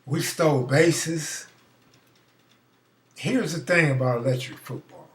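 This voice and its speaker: A middle-aged man, host of a live stream, telling a profane, animated story in a casual way and acting out the voices. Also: fairly high pitch, slow, roomy sound, far from the mic.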